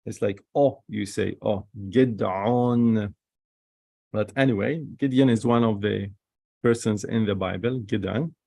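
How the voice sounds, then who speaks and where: A man, teaching the alphabet and repeating each sound slowly while he writes. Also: lowish voice, vocal fry, dark tone, breathy edge, no room sound, studio quality. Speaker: Hebrew teacher. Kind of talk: slow alphabet lesson.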